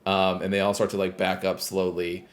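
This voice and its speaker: A deep-voiced man co-hosts a casual podcast, recapping the story of a game in a monotone at a moderate pace. His retelling rambles, leaning heavily on "like" and "uh".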